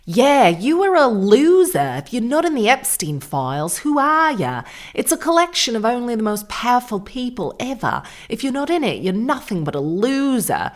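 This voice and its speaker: A woman putting on the voice of a boastful, smug posh socialite, in a shrill, self-satisfied tone. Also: big pitch swings, moderate pace, few pauses.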